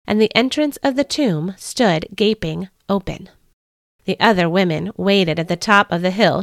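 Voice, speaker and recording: A woman's voice: medium pitch, no echo, studio quality. Woman reading a devotional story. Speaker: devotional podcast host. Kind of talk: scripted first-person story reading.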